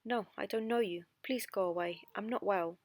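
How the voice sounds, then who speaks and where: A woman's voice: mid-range voice, normal speed, darkish tone, dry recording, natural voice. A woman voicing a frightened, unhappy young female opera singer in a storybook reading. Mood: afraid. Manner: unhappy, afraid.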